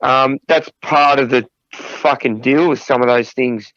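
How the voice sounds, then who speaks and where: A man's voice: mid-range voice, fairly even intonation, a little slow, a bit bright, no room sound, muffled recording. A middle-aged man, a podcast guest telling profane road anecdotes between bursts of laughter. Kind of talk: casual storytelling interview.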